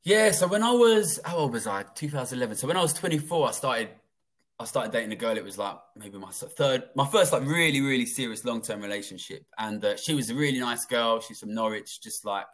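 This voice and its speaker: A man in his thirties from England, a guest telling his life story in a blunt, profane, animated way. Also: mid-range voice, fairly quick. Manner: blunt and profane, acting out quoted dialogue. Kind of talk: casual interview storytelling.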